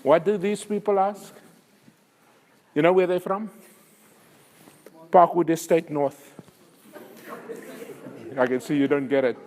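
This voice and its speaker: An older man with a South African accent, telling stories to parents as a guest speaker, animated and emphatic, laughing often. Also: a little high, slow pace, long pauses, long reverb tail, a little hiss or hum. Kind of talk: storytelling talk to parents. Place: school hall.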